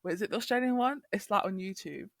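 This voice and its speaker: A young woman chats as a podcast guest. She tells stories in an animated, teasing way. Her voice sits at a middling height and sounds dry and close. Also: mid-range voice, fast, gravelly, dry recording. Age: young adult. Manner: animated storyteller, teasing, acts out quotes, laughs often. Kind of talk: casual chat.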